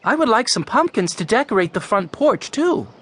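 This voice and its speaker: A man's voice: high voice, sing-song, moderate pace, fairly bright tone, pitched above the performer's own voice, exaggerated voice. Guy reading a helpful big-sister girl, 12, slightly raised voice. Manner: caring and helpful. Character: motherly twelve-year-old girl.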